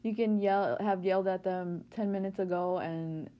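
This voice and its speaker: A woman's voice: medium pitch, steady tone, normal speed, warm tone. Gushing, slangy woman in her twenties. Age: 20s. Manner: gushing, slangy, lots of "like" and "you know". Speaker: podcast co-host. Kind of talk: casual chat.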